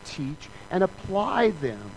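A man's voice: high voice, sing-song, slow, slight background noise, low-quality recording. A man preaching a sermon in a church, talking in a conversational, joking way and acting out other people's lines. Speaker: pastor.

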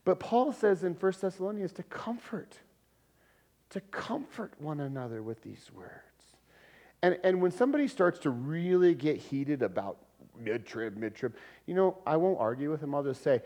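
A man preaching a sermon in a lively, conversational way, with laughs and sudden loud emphasis. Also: fairly high pitch, normal speed. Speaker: pastor.

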